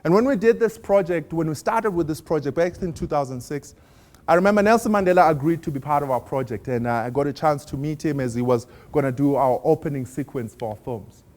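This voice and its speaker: Higher-voiced man giving a keynote. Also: a little fast. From South Africa. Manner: storytelling, warm humor, asks the audience questions. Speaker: motivational speaker. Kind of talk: inspirational keynote talk.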